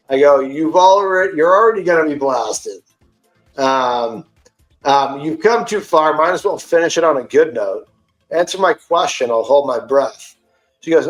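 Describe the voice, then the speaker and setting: A podcast host, a man, retelling an online argument in a casual, animated and profane way. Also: a little high, normal speed, reverberant, soft background music, low-quality recording. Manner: animated, profane, indignant storytelling.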